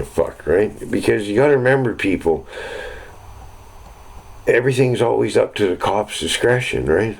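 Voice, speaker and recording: A man's voice: sits low, vocal fry, darkish tone, husky, poor audio. A middle-aged man telling rambling, profane stories in casual chat. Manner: rambling, swears constantly, chuckles at own stories.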